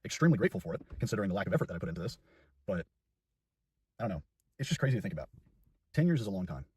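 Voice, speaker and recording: A man's voice: low-pitched, sing-song, racing, darkish tone, husky, no echo, far from the mic. A nineteen-year-old man chatting casually to camera in a rambling, self-deprecating way. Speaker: YouTuber. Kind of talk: casual vlog chat.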